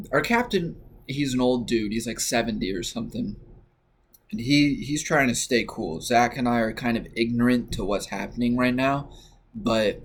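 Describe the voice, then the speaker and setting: A young man recounts a story in a loose, easygoing way. He rambles and leans on filler words as he goes. His voice sits at an ordinary middle pitch. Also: breathy edge. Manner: relaxed, rambling with many fillers. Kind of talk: casual personal story.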